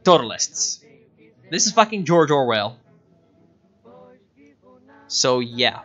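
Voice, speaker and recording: A man giving casual, profane, excitable commentary while livestreaming a strategy game, often laughing. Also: medium pitch, takes it slowly. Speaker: streamer. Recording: dull lo-fi mic with faint music.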